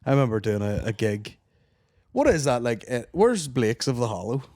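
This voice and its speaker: A man's voice: medium pitch, very animated, normal speed, darkish tone, no room sound. Comedian guy chatting, lots of cursing, mid voice, dead dry mic. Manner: sweary, storytelling. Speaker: guest, stand-up comedian. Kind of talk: casual podcast banter.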